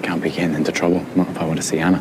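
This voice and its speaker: Man playing a Dublin ex-con, very deep voice, terse, loud street noise behind, TV drama clip. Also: level tone, very fast, natural voice. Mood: guarded. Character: ex-criminal man, subdued and guarded.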